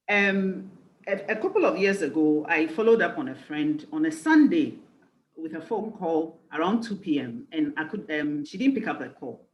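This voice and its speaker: A woman's voice: on the low side, reverberant, poor audio. A woman life coach giving a conference talk, earnest and reflective, leaning on key phrases. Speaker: executive life coach and speaker.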